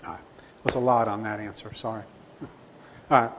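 A man's voice: on the low side, flat delivery, fairly quick, background noise. A man, a Christian counselor, answering a question in an earnest, reflective way, with frequent restarts. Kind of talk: spoken Q&A teaching. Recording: long hall reverb.

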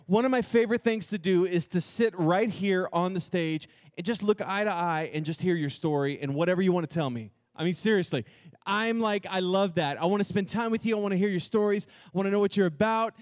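A man speaking to students at a camp, telling a comic story in an animated way and acting out the people in it. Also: sits high, dry recording, studio quality. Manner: animated, quick, acts out quoted dialogue.

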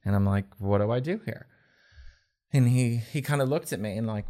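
A man telling his personal faith story in an earnest, halting way, with many restarts. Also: mid-range voice, warm tone. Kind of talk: personal testimony in conversation. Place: indoors at a table.

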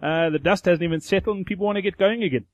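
A male podcast host with a notably high voice talks in a bright, casual way. The sound is dry and close, with no room around it. He reads a listener's question aloud with easy enthusiasm. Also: very fast, dry recording. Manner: upbeat, reading out a listener question.

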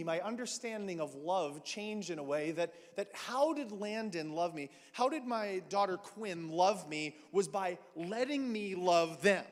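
A pastor, a man around his thirties, preaching a sermon in a storytelling way with animated acted asides. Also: high-pitched. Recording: long hall reverb.

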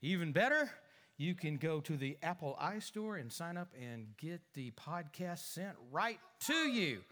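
Casual, jokey male preacher with a high, bright voice. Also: lively intonation, unhurried. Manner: joking, conversational with hesitant restarts. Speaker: preacher teaching a lesson series. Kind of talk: sermon.

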